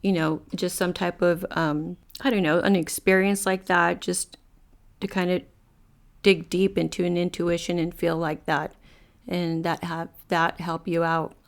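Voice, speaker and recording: A woman sharing a personal testimony in a casual, reflective way, often pausing and searching for words. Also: fairly low pitch, flat delivery, gravelly. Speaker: story contributor.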